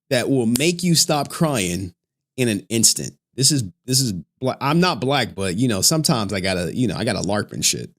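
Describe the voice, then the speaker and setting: Hosting a livestream, this man speaks in a mid-range, expressive voice at a moderate pace. The conversation is casual and full of profanity, and he keeps joking and laughing.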